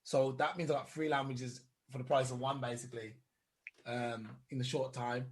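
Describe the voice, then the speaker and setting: A man's voice: mid-range voice, little pitch movement, moderate pace, slight background noise. A man co-hosting a podcast in casual chat, who explains at length and tries out foreign phrases. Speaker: podcast co-host.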